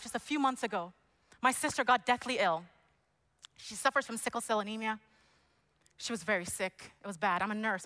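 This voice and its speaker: A woman preaching a passionate sermon that builds to loud exclamations. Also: mid-range voice.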